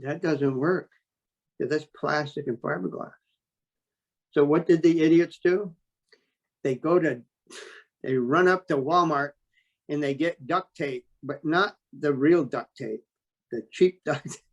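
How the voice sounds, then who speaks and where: A man telling a story as an interview guest, talking in a blunt, animated way and swearing freely. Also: on the high side, measured pace, pauses often, highs cut off. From New York State. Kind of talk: casual storytelling.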